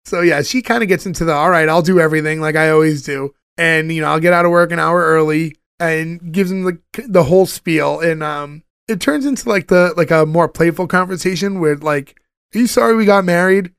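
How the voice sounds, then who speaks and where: A man's voice: fairly high pitch, steady tone, brisk, vocal fry, few pauses, fairly bright tone, clear, resonant tone, dry recording, studio quality. A man co-hosting a podcast, recapping sitcom scenes in casual chat and acting out the characters' lines as he goes.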